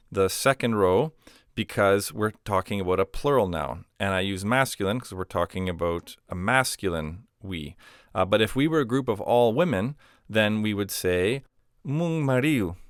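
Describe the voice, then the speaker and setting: A man teaching a grammar lesson. He patiently says each example phrase slowly and repeats it. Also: fairly low pitch, fairly bright tone, clear, resonant tone, no echo, studio quality. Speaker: language teacher.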